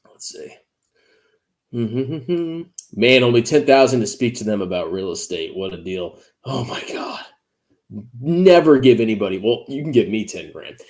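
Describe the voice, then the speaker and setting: A man's voice: mid-range voice, sing-song, measured pace, a little mellow. A man in his thirties giving sarcastic reaction commentary as a finance YouTuber, mocking his rivals and laughing often. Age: 30s.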